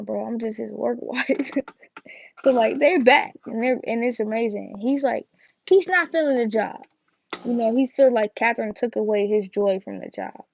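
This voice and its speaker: A woman talks through a TV episode in a loose, rambling way, full of fillers and slang. Her voice is heavily gravelly and mellow-toned. The recording is dry and a little dull. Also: on the high side, slight background noise. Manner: chatty, rambling, filler-heavy with slangy asides. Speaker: TV review vlogger. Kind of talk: casual chat.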